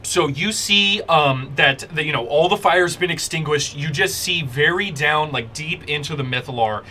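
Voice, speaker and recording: Man, game master, tabletop narration, bright forceful voice, faint noise behind. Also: on the high side. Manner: descriptive, quick, with fillers.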